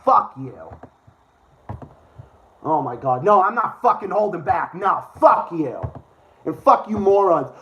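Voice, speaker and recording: A man's voice: high voice, sing-song, slow pace, pauses often, dull audio. A man hosting a livestream, ranting furiously with constant swearing and repeated insults. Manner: furious, profane, insulting, repetitive. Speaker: livestream host. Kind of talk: angry profane rant.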